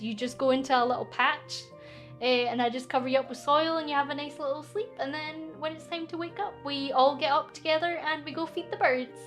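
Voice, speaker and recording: A young woman with a Scottish accent and a high, light voice chats casually with her stream, giggling often as she reads out viewer questions. Soft music plays faintly underneath. She talks into a good studio microphone. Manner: chatty and giggly, reading chat aloud.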